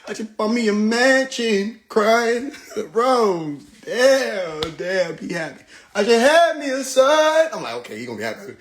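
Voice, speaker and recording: Male streamer with a high voice, loose and profane, laughing through his song reactions into a phone. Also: animated, a little slow, a bit bright. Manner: laughing often, loose and profane, sings along. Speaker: livestreamer reacting to songs. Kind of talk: casual live-stream commentary. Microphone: phone live stream.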